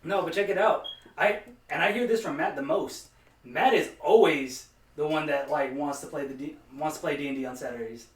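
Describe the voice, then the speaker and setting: A man chatting in an animated, rambling way with his gaming group. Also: a little high, a little fast, far from the mic. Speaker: player. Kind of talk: casual group chat. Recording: echoey room, off-mic, faint noise.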